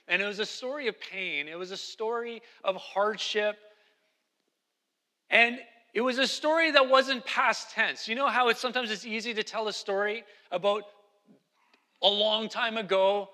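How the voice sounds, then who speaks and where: A man's voice: sits high, bright, forceful tone, long reverb tail. A man preaching a sermon as pastor, emphatic and repeating key phrases.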